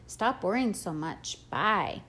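A woman voicing an impatient, teasing middle-aged father who speaks in a brisk, exasperated way, in an audiobook. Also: medium pitch, animated, a bit bright, breathy edge, full character voice.

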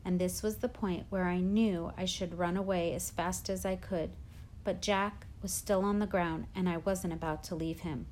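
Lady reading an audiobook, lowish voice, steady. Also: moderate pace, a little hiss or hum. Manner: plain, steady storytelling. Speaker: audiobook narrator. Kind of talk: scripted narration.

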